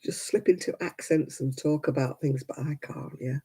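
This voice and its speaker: Chatting with viewers during her live crafting stream, an older woman rambles along and laughs a lot. She speaks at a moderate pace in a low, warm voice that's slightly rough.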